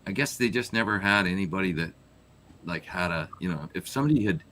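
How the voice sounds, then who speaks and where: A man's voice: deep voice, expressive, quick pace, sharp tone. A man from Canada, a guest musician on a live video call, talking casually and rambling with lots of fillers. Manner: rambling, trails off with many fillers.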